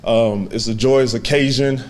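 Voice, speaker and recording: A man in his twenties giving a heartfelt, halting acceptance speech to a banquet audience, with many fillers. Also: medium pitch, fairly even intonation, a little hiss or hum. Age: 20s. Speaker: hall of fame inductee giving a speech.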